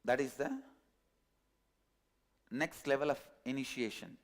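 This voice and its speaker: A man telling a parable as a spiritual teacher, animated and repetitive. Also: medium pitch, a little slow. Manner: animated storytelling, repetitive phrasing. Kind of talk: storytelling sermon.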